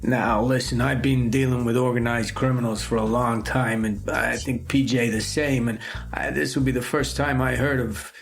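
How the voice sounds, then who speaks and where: A man roleplaying his character in a tabletop horror game, asking brisk, practical questions. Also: mid-range voice, fairly even intonation, creaky. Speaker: player.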